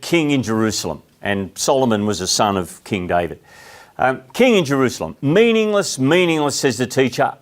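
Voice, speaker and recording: A middle-aged Australian man speaks to a live audience in an easy, conversational way. He keeps asking his listeners questions and pauses to explain ideas. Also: mid-range voice. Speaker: speaker giving a talk.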